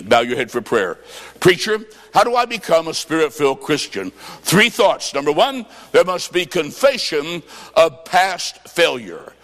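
A man preaching at a revival, telling a story and acting out voices, with bursts of shouting. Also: fairly high pitch, big pitch swings, measured pace, big-room sound. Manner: dramatic, acts out quotes, shouts praise. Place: church revival service.

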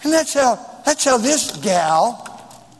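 A man preaching a sermon in a church, rising suddenly and drawing some phrases out slowly. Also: very high-pitched, big pitch swings, in a large hall, slight background noise. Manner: preaching with sudden rises and drawn-out slow phrases.

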